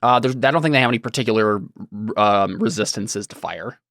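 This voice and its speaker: A man's voice: lowish voice, animated, brisk, gravelly, a bit bright, dry recording, clean studio sound. A man narrating as game master of a tabletop game, rambling and hesitant with many fillers.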